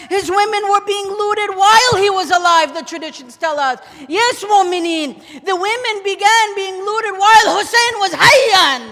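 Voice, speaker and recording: A man preaching an impassioned mourning sermon in a large mosque hall, often shouting and chanting Arabic lines. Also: very high-pitched. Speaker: sheikh. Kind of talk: Ashura majlis sermon. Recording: long hall reverb.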